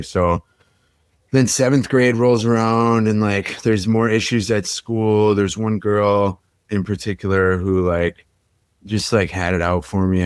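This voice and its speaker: A man's voice: deep voice, smooth, no echo, studio quality. A young adult man from Minnesota, a podcast guest reflectively telling his personal story with frequent fillers.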